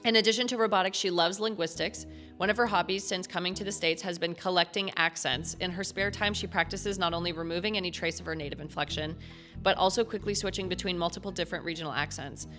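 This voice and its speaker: A woman streaming a game, reading the game's text aloud in casual chat, excitable and swearing freely as she talks to her viewers. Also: fairly low pitch, fast talker, faint music behind. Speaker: gaming streamer.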